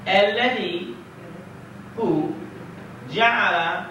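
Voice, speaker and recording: Imam lecturing a class in an echoey room. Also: male voice, high voice, slow pace, bright, forceful tone, slight background noise. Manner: conversational, quizzes the class with questions. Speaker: imam teaching Arabic. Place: mosque classroom. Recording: echoey room, distant mic, dull lo-fi 1990s tape.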